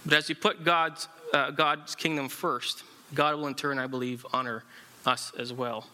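A married man preaching a sermon, telling an illustrative story in a halting way with many fillers and restarts. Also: medium pitch, fairly even intonation, bright, forceful tone. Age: adult, married. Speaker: pastor.

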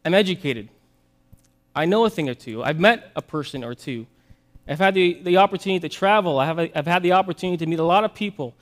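A man's voice: sits high, expressive, fast talker. A man voicing a skeptical man on a life raft who talks defensively about how educated he is.

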